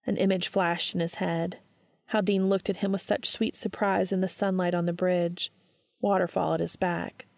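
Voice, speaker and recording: Low, gravelly woman reading a story. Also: flat delivery, normal speed, darkish tone, no echo, clean studio sound. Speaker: narrator.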